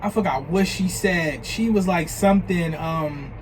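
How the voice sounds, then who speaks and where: A young New Jersey vlogger gives a casual storytime about scam attempts, swearing freely and acting out the messages with quoted lines. His fairly high voice moves at a measured pace. The low-quality recording carries a little hiss or hum.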